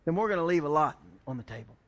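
A male pastor preaching a sermon, emphatic and joking, building up to shouted lines. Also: a little high, expressive, rapid-fire.

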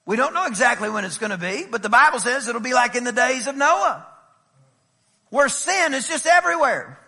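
A middle-aged man preaching a sermon as pastor, emphatic and swinging from loud declarations to low, intimate asides. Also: animated, fairly quick. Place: church sanctuary. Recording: long hall reverb in a church.

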